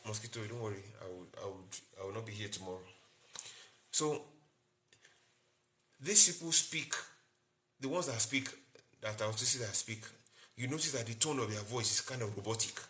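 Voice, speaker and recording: A man's voice: on the low side, normal speed, long pauses, pushed and bright. A man, a doctor hosting a live-stream health talk, explaining in short repeated phrases and greeting viewers by name.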